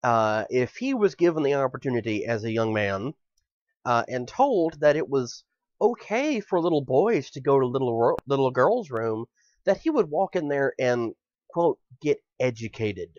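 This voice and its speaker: A man's voice: medium pitch, very animated, normal speed, darkish tone, no room sound. A man hosting a podcast, delivering an angry, profane political rant in furious bursts. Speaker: podcast host. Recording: dull lo-fi podcast audio.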